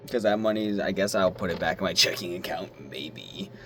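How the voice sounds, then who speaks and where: A young man vlogging at his desk, telling a story in a rambling, animated way, swearing now and then and squealing when he acts out his excitement. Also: low-pitched, normal speed, noisy background. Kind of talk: casual talk to camera.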